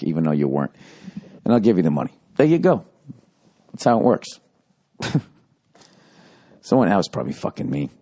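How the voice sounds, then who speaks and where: A man's voice: deep voice, warm tone. A man hosting a podcast, telling a comic story in a rambling, profane, conversational way with constant "you know"s. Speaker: podcast host. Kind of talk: casual comedic storytelling monologue.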